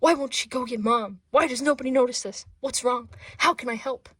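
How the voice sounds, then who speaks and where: A woman voicing a brooding emo young man, reading his tender, protective words in a hushed, half-whispered way. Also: high-pitched, fairly quick, breathy edge, no echo, clean studio sound.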